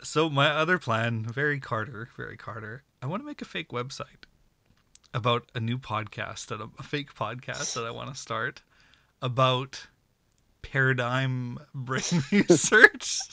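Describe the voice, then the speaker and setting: A man co-hosting a casual podcast, talking through half-formed plans in a loose, rambling way and breaking into laughs. His voice is bright and forward. The recording is close and dry, with almost no room sound. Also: mid-range voice, animated, measured pace, gravelly, dry recording. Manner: rambling, laughing, plotting aloud. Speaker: podcast co-host. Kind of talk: casual chat.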